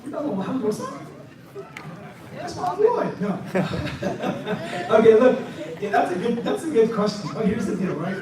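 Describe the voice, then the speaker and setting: A high-voiced man giving a lively question-and-answer talk to a congregation, sarcastic and joking as he goes, his voice starting to tire. He is picked up from far off in a big echoing mosque hall. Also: measured pace, crowd noise. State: voice tiring.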